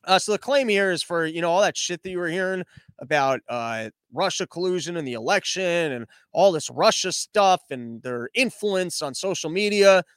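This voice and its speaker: Sarcastic high-voiced man riffing on news. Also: animated, normal speed, fairly bright tone, clear, resonant tone, no room sound. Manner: sarcastic, profane, slips into mocking impressions. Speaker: podcast host. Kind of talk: casual commentary on news headlines.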